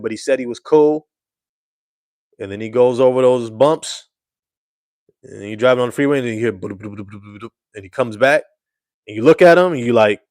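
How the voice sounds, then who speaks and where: A man's voice: medium pitch, dry recording, studio quality. A man hosting casual live-stream sports commentary, emphatic and slangy, repeating his points.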